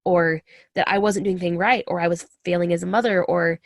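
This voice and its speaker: Speaking a little fast in a steady, lowish voice, a woman in her thirties shares her experience as a military spouse directly to camera. She's earnest and confiding, calling her listeners friends, and the clean studio recording has no room sound.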